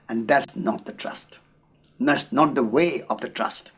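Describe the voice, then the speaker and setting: A man's voice: mid-range voice, measured pace, slightly rough. A man with an Indian accent, telling a personal story earnestly as an interview guest. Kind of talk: reflective storytelling.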